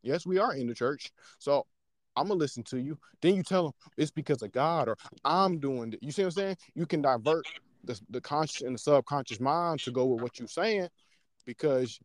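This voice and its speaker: A man in casual podcast chat, talking in an animated, slangy way and checking in with his listeners as he explains. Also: a little high, dry recording. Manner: animated, slangy, often asks "you know what I'm saying". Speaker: podcast co-host.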